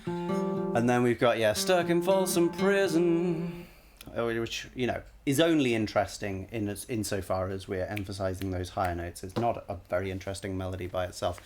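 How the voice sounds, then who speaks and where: A man's voice: low-pitched, fairly even intonation, a little fast, over music. A man analyzing a song on a live stream, casually singing short bits of melody to show the notes and often stopping to correct himself.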